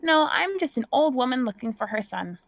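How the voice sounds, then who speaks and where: A woman's voice: high voice, lively intonation, a little fast, creaky, dry recording. Woman playing a Wisconsin granny: kindly, doting, old-fashioned, lilting, dry close mic. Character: kindly elderly mother, sweet and fussy.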